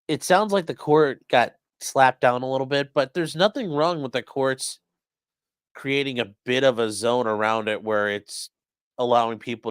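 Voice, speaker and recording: A man's voice: medium pitch, no echo. A man who has worked as a defense attorney, talking loosely about a trial in casual live-stream commentary, swearing and acting out courtroom exchanges. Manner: loose and profane, acts out courtroom quotes.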